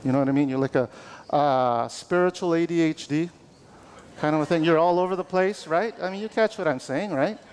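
A male pastor delivers a lively sermon, talking to his congregation like friends and drawing call-and-response from them. His voice sits a touch high. A long reverb from the church hall trails each phrase. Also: fairly quick. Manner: animated, conversational preaching with call-and-response. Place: church sanctuary.

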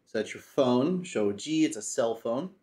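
A man talking casually through a study session, slowly repeating phrases aloud and thinking as he goes. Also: medium pitch, animated, warm tone. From United States. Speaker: language learner teaching himself.

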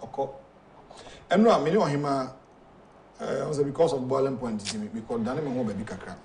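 A man's voice: mid-range voice, a little fast, creaky, darkish tone. Man, Ghanaian accent, talk show co-host, rambling speech, echoey room, faint hum. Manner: loose, rambling retelling with code-switching. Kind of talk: casual talk show chat.

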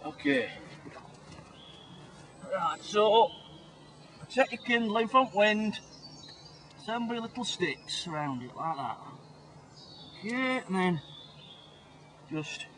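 Comedy survival expert, man acting blustering, unhurried, lively swoops, faint noise behind. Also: high-pitched, exaggerated voice, rough recording. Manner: swearing, flustered, mock-instructive. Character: blustering hapless male jungle survival expert. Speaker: survival specialist in a comedy sketch. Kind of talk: mock survival-show presentation.

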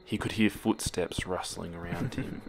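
A man narrating a horror story with a steady, dramatic reading that drops to hushed moments. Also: sits low, normal speed, gravelly. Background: music.

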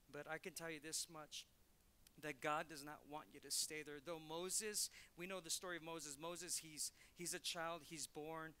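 Bright-voiced male pastor preaching. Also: fairly high pitch, slight background noise. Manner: conversational, storytelling with acted quotes. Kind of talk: sermon. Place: church.

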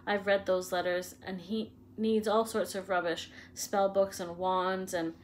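A red-faced, blustering middle-aged uncle who shouts and sputters with contempt, as a woman reading aloud puts him on. A faint hum lies under the storybook reading. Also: medium pitch, level tone, a little slow, close to an everyday voice. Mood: hissing.

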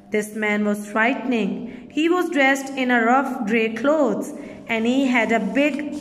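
A woman teacher with a Pakistani English accent giving a recorded reading lesson to children, reading aloud slowly and deliberately. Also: on the high side, in a large hall.

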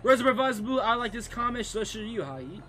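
Young male streamer with a high, bouncy voice and a bright edge; excitable trash talk over gameplay. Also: a little fast, soft background music. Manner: excitable trash talk, constant "bro" and "dude". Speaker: gaming streamer. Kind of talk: live gameplay commentary.

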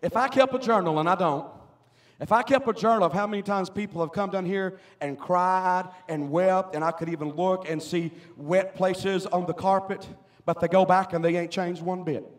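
Pastor, male, high voice, sermon with loud swells. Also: normal speed. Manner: preaching with rising, shouted emphasis. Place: church sanctuary.

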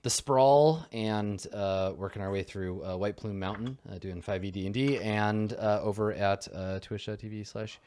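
A man's voice: on the low side, moderate pace, few pauses, a little mellow, slight background noise. A man who hosts and runs tabletop games, chatting loosely and casually and swearing now and then. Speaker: game master and stream host. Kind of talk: casual stream chat.

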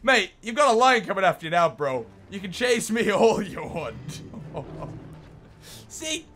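A young man giving excitable gameplay commentary, yelling at enemies and laughing as he plays. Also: high-pitched, moderate pace, a little hiss or hum. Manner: excitable, swears mildly, often laughs and yells at enemies. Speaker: gaming YouTuber.

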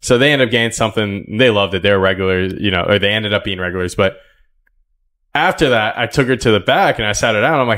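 Animated young man telling a story. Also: on the low side, quick pace. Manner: animated storyteller acting out quotes. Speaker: podcast co-host. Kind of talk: casual chat.

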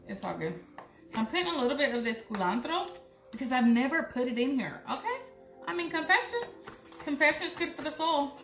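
Young woman from Puerto Rico, cooking vlogger, higher voice, chatty and joking, echoey kitchen with dishes clinking. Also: very animated, fairly quick, a bit bright, soft background music. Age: young adult. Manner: chatty, joking, talks to viewers while chopping. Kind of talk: casual cooking demo. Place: home kitchen.

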